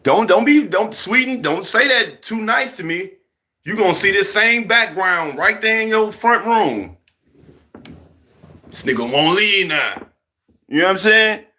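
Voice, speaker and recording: A man's voice: sits high, a little slow. A young man ranting heatedly to camera in a profane monologue, acting out other people as he goes. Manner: animated, heated, swearing, acts out other people. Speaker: vlogger.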